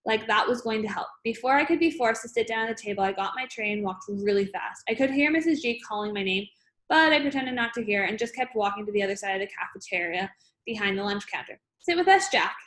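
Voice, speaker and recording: A woman reading a children's novel aloud, plain and steady, with small restarts. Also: mid-range voice, fast talker. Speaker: audiobook reader.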